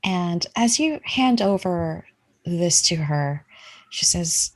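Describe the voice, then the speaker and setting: A woman's voice: lowish voice, lively intonation, takes it slowly. A woman running a tabletop game, narrating in a giggly, rambling way. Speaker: game master.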